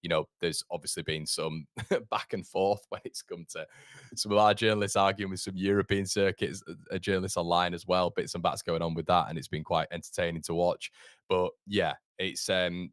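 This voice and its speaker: Male football streamer, low voice, dry close sound, chatty and rambling, greets viewers by name. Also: fairly even intonation, fairly quick, a bit bright, no room sound. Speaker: football channel host. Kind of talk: casual live-stream chat.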